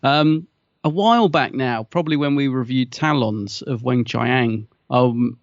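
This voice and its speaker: A man's voice: medium pitch, a little slow, no echo. Podcast co-host, male, chatty storyteller with frequent laughs, dry, dull sound. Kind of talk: casual chat. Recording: dull, muffled audio.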